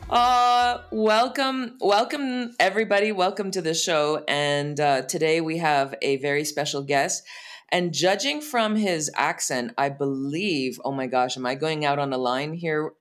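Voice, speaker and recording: A woman from Canada with a mild, softened Canadian accent, hosting a podcast in a chatty, playful, self-deprecating way. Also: low-pitched, measured pace. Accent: Canadian, softened by years abroad. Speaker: podcast host. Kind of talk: casual interview chat.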